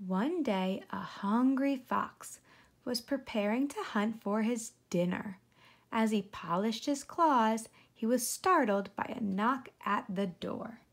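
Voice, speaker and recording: A woman's voice: fairly high pitch, takes it slowly. A woman teacher reading a children's picture book aloud expressively, stopping to explain the story.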